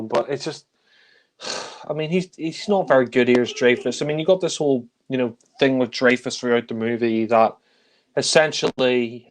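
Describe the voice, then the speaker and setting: A man giving a casual spoken film review, blunt and critical, with frequent sighs and filler words. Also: mid-range voice.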